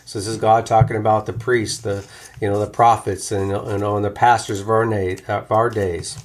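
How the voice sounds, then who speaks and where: A man teaching from the Bible in a relaxed, conversational way, often restarting his sentences with fillers. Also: fairly low pitch, a little fast.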